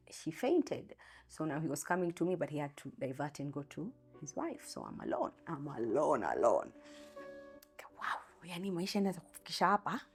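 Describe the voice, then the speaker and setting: Low-voiced Kenyan mother telling her story. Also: a little mellow, breathy edge. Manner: candid, raw and emotional. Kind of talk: personal storytelling.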